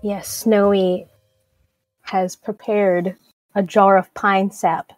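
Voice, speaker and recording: A woman's voice: medium pitch, flat delivery, takes it slowly, darkish tone, faint music behind. A woman playing a tabletop game, giggly and hesitant. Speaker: player. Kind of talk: casual tabletop play.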